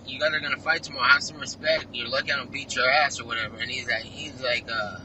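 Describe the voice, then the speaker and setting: Speaking quickly at a medium pitch with fairly even intonation, this fighter guest from California tells an angry, meandering tale over a remote video call. It's loose, foul-mouthed interview chatter full of slang and cursing, and the background is noisy.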